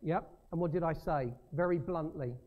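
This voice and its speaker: A man preaching a sermon as pastor, measured and emphatic, leaning on slow deliberate stresses. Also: a little high, narrow, tinny audio.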